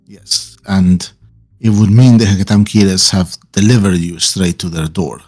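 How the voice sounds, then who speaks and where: A man voicing a calm, calculating male spymaster. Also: low-pitched, faint music behind. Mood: grave. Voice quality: calm, deliberate delivery. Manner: explains plans slowly and carefully.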